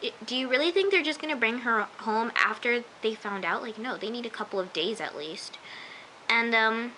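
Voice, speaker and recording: A woman's voice: fairly high pitch, moderate pace, sharp tone, a little hiss or hum, rough recording. A woman chatting emphatically as she recaps and reviews a TV episode, with lots of asides. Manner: chatty, emphatic, often says "I'm just like". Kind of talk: casual recap vlog.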